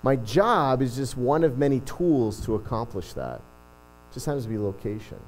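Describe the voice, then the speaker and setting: A man's voice: mid-range voice, very animated, normal speed, rough recording. A middle-aged male pastor giving a casual, self-deprecating sermon, often restarting his sentences. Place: church.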